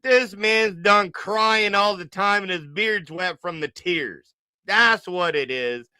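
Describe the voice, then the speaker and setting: A man hosting a livestream, mocking and joking through his reaction commentary. His voice is high, bright and smooth, and he drawls his jokes out slowly. The sound is close and dry. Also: no echo. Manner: teasing, joking, drawn-out repetition. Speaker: livestream host.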